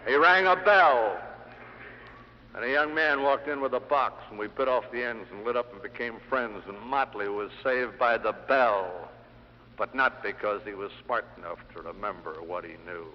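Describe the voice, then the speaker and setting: A man's voice: fairly low pitch, moderate pace. Middle-aged man, sales lecturer, dry-humored storyteller in a long-reverb hall, dull old vinyl sound. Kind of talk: after-dinner sales speech with anecdotes. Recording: dull 1960 LP of a hall speech.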